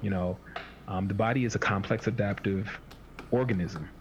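A man's voice: fairly low pitch, moderate pace. A man talking as a fitness coach in a casual podcast chat, rambling and acting out the inner voices of his clients. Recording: dull lo-fi sound with faint hiss.

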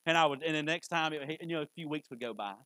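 A man preaching in a high, bright-edged voice, folksy and conversational, now and then jumping into loud bursts. The sound is close and dry, with little room around it. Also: fast, no echo, poor audio. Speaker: pastor. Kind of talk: sermon. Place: church sanctuary.

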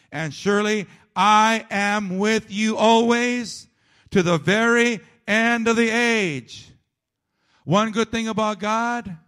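A man preaching a sermon, emphatic and repetitive, dropping to a low, quiet delivery at times.

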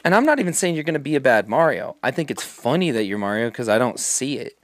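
A man's voice: mid-range voice, sing-song, quick pace, fairly bright tone, no room sound. A man co-hosting a casual chat, ranting with sarcastic asides. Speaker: podcast co-host.

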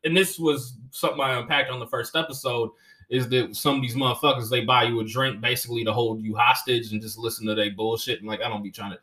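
Bright-voiced, profane comedian telling stories. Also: male voice, mid-range voice, fast. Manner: profane, animated, laughing storyteller. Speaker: comedian and podcast host. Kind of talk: casual storytelling chat.

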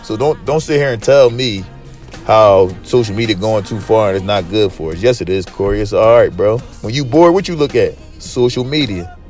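A man's voice: fairly low pitch, normal speed, darkish tone, soft background music. A man hosting his own podcast alone, talking to listeners in a loose, profane, hyped and rambling way. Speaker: podcast host. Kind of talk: casual solo podcast monologue.

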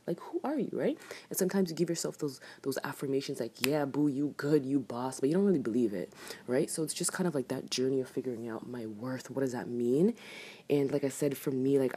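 Very low-voiced woman, candid and rambling. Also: warm tone, slightly rough. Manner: rambling, candid, slangy, self-mocking. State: out of breath. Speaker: vlogger. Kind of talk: casual personal talk to camera.

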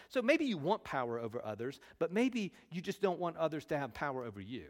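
A man preaching a sermon, animated and full of rhetorical questions. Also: on the high side, a little fast, hardly any pauses. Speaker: pastor. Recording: long hall reverb.

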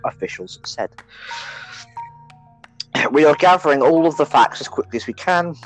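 A man's voice: on the high side, expressive, moderate pace, soft background music, rough recording. A young man co-hosting a casual podcast, joking and swearing, reading a news report aloud between banter. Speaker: podcast co-host.

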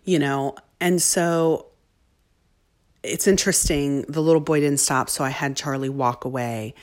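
A mother casually telling a story about her young son, lively at times and dropping to soft near-whispers. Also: low voice, unhurried.

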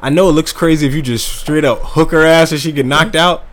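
A man co-hosting a podcast in crude casual banter, excitable, laughing often and stumbling over restarts. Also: on the high side, a little fast.

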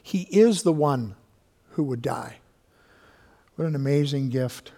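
A man preaching a sermon as pastor. He stretches out key words for emphasis and sometimes sinks into a hushed voice. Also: mid-range voice, lively intonation, slow pace. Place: church sanctuary. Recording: long reverb of a church hall.

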